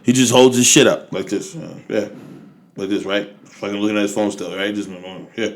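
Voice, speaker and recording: A man's voice: on the low side, brisk. A man with an American accent, co-hosting a podcast and telling a story among friends, acting out every person in it with lots of slang and swearing. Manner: animated, acts out the people in his story, heavy slang, swears a lot. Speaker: podcast co-host.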